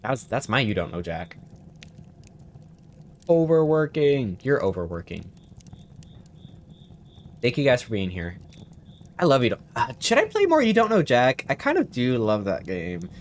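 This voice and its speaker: Chatty, animated young male streamer. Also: medium pitch, moderate pace, long pauses. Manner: bewildered, chatty, self-mocking. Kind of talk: casual live-stream commentary.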